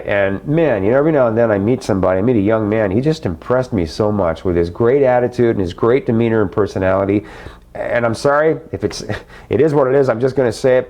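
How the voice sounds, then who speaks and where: Chummy middle-aged man with a lowish voice. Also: a little mellow. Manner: chummy, calls viewers guys and man; effusive, repeats words for emphasis. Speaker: webcast host answering viewer questions. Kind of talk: live webcast chat.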